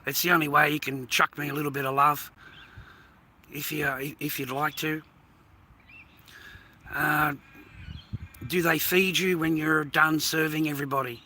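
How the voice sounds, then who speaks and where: A man's voice: fairly high pitch, fairly even intonation, moderate pace, pauses often, sharp tone. An Australian man rambling through a live-stream monologue, swearing constantly and sounding aggrieved, outdoors in an industrial area. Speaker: livestreamer.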